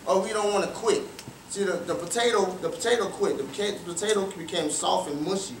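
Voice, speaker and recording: High-voiced man giving a motivational talk. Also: fast talker, background noise. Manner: interactive, quizzes the audience with questions; repeats phrases for emphasis. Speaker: guest speaker at a youth cricket academy. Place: large room with an audience. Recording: roomy, distant, faint ambience.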